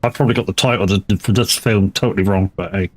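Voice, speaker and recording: A man's voice: low voice, fairly even intonation, fast. Rambling, casually swearing male streamer. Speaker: live-stream gamer. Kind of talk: casual live-stream chat.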